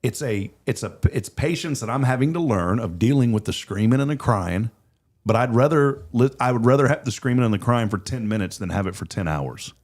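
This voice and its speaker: A man's voice: mid-range voice, lively intonation, a little fast. Earnest man hosting a talk show. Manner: earnest, chatty, repeats words when starting sentences. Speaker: host. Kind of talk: casual talk show chat.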